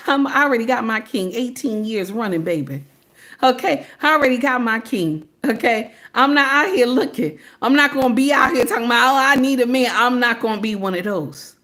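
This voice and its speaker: A woman's voice: fairly high pitch, animated, normal speed, fairly bright tone. Sassy Southern woman lecturing her viewers. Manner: preachy, sassy, talks straight to viewers with "baby" and "okay?". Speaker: livestream host. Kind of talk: casual livestream talk.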